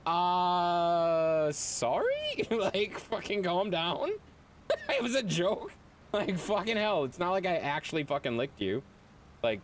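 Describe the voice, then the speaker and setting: Man, young adult, streamer, casual gaming chat, blunt, swears a lot, very lively pitch, faint noise. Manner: blunt, profane, ranting to chat.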